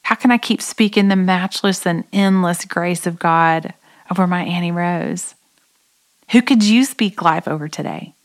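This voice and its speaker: A woman's voice: mid-range voice, a bit bright. A woman in her forties hosting a devotional podcast, speaking in an earnest, reflective way. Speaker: podcast host. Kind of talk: devotional talk.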